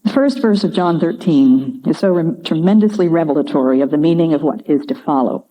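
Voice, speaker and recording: An older woman giving a devotional talk, telling stories in a measured, earnest way. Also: low voice, animated, warm tone. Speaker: Christian speaker. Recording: dull lo-fi recording.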